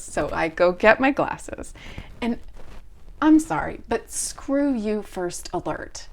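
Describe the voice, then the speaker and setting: A middle-aged woman hosting a podcast, telling a story in an animated way and acting out both sides of a conversation. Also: lowish voice, unhurried, gravelly. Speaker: podcast host. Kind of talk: storytelling monologue.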